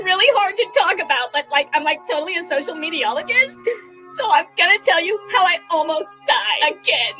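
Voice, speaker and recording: Comic satire: a woman as a melodramatic, ditzy young politician, piercingly high and bright. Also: exaggerated voice, rough recording. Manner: valley-girl fillers, breathless exaggeration.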